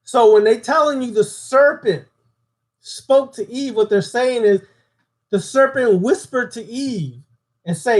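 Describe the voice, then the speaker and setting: A man's voice: very high-pitched, a little slow. A man giving a spoken occult lesson, preaching and putting questions to his audience. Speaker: occult teacher.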